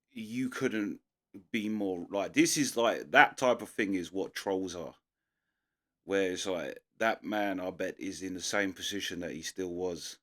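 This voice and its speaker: A man's voice: low-pitched, fairly bright tone. A young man with a London accent giving loose, rambling commentary as a reaction video host. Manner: rambling, loose, full of restarts and fillers. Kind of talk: casual commentary.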